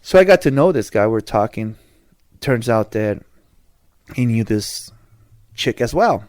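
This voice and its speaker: A man's voice: mid-range voice, animated, measured pace, a little mellow, dry recording. A man hosting a podcast, telling a rambling personal story in casual slang, with restarts and asides. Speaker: podcast host.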